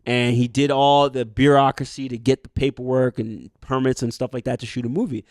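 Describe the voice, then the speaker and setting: A man's voice: medium pitch, flat delivery, a little fast, darkish tone, no echo, clean studio sound. A man co-hosting a podcast, telling a long story in casual chat, rambling with fillers and street slang, often quoting people mid-story. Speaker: podcast co-host.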